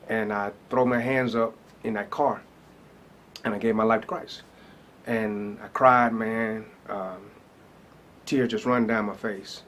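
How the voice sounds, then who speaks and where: A man's voice: on the low side, fairly bright tone, slight background noise. A man, a pastor telling his personal story in a loose, casual way with many fillers. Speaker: pastor and rapper.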